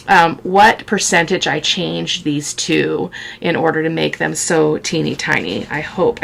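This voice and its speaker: A woman talks through her handmade miniature journal in a relaxed, chatty way, thinking aloud and delighting in small details. Her voice sits a little low with a gravelly edge of vocal fry. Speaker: craft video host. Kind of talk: casual crafting walkthrough.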